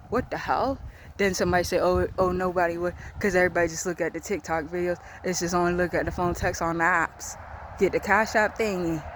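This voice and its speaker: In a wandering vlog monologue, a woman swears, goes over the same points again, and follows loose trains of thought. Her voice is on the low side, with slight background noise behind it.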